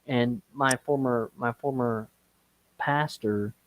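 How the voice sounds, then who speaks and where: A man on a live stream call, telling a personal story slowly and with feeling. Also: medium pitch, slight background noise. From Okeechobee, Florida. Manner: slow, emotional storytelling, breaks into singing gospel and country songs. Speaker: guest.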